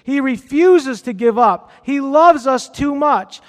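A man's voice: very high voice, animated, slow pace. A man preaching a sermon in a church, emphatic and repeating his key phrases. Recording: long hall reverb.

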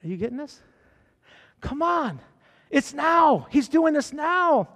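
High-voiced preaching pastor, hall reverb. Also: male voice, takes it slowly. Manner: preaching with rising excitement and exhortations. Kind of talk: sermon.

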